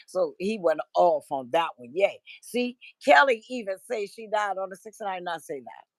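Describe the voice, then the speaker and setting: A woman's voice: mid-range voice, lively intonation, normal speed, no room sound, low-quality recording. A woman guest on a livestream, telling stories in a gossipy way with frequent laughter. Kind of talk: casual chat.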